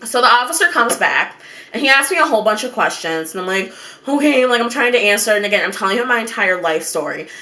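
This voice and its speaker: Bright-voiced young woman telling a story. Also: medium pitch, fast. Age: young adult. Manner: over-dramatic, animated, swearing. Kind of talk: dramatic storytime monologue.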